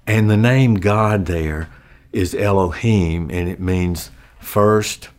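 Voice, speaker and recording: An older man who works at a funeral home, giving an earnest, reflective personal faith testimony that grows quiet and soft-spoken. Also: deep voice, takes it slowly.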